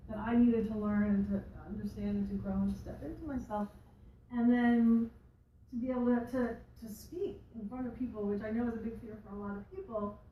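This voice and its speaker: A woman's voice: fairly high pitch, muffled recording, a little hiss or hum. A woman coach giving a motivational talk to a live audience, chatty and rambling, with many restarts and asides. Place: library event room. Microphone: room recording from a distance. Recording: echoey room, voice far from mic.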